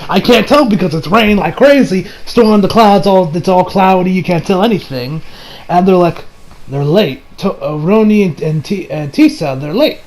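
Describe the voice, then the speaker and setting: Excitable high-voiced young man ranting. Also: normal speed, low-quality recording. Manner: excitable, swears a lot, acts out his own reactions. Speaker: anime reviewer. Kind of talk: casual video review rant.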